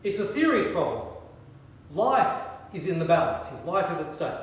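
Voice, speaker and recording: A man preaching a sermon, telling stories with lively humor and dropping to soft, hushed emphasis. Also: fairly high pitch, moderate pace. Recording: echoey hall, distant mic.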